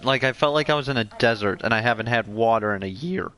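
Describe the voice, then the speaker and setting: A man casually telling a rambling personal story in a laid-back, animated way. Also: mid-range voice, fast.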